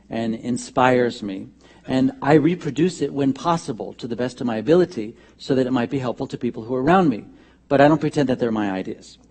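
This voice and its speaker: A man preaching a conversational, humorous sermon as minister in a church. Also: mid-range voice. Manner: conversational, humorous, animated asides. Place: church sanctuary.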